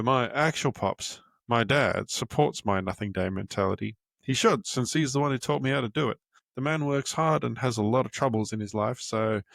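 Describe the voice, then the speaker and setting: A young man reads from his own book in a mid-pitched, everyday voice, breaking off for candid asides and stopping to find his place. The sound is dry and close, with no room around him. He swears freely and keeps a relaxed, unpolished tone. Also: dry recording. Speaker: podcast host and author.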